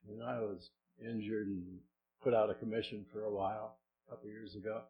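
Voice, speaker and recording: A middle-aged man, a pastor, preaching a sermon in a conversational way, asking the congregation questions and moving between soft and loud delivery. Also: lowish voice, level tone, a little fast, narrow, tinny audio, background noise.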